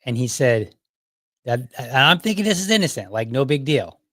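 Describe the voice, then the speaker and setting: A middle-aged man tells a story from his past in an easygoing, rambling way, chuckling often as he talks. His voice sits at an ordinary middle pitch. The sound is dry and close, with no room around it. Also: big pitch swings, moderate pace, a bit bright, dry recording. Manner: chuckles often while recounting, loose and conversational. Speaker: podcast host. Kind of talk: casual storytelling monologue.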